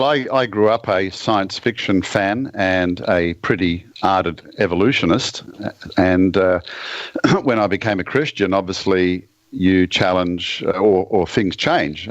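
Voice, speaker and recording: A man with an Australian accent, a guest on a radio talk show, speaking in a measured, thoughtful way with dry humor. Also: sits low, no echo, highs cut off. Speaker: guest author and ministry leader. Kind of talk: casual radio interview.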